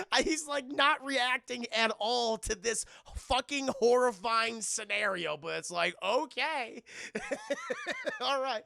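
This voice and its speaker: A gravelly, bright-voiced man streams to his chat. He retells a film scene with loud, swooping energy, swears freely, and laughs a lot. The sound is dry and close on the mic. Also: very high voice, slow, dry recording. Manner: animated, profane, laughing often. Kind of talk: casual livestream chat.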